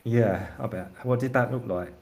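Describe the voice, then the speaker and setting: A man's voice: mid-range voice, moderate pace, vocal fry, a crowd in the background. A man hosting a podcast, asking rambling, hesitant questions full of fillers. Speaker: podcast host. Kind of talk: interview questions.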